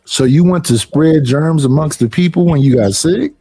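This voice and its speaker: A man's voice: a little high, normal speed, warm tone, slightly rough, soft background music. A man in a casual chat who asks short questions and makes dry remarks.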